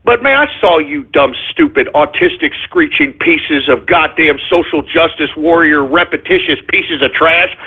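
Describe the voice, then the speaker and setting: A man hosting a political talk radio show, ranting combatively and breaking into shouted bursts. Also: high voice, vocal fry, husky. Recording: phone-like narrow band.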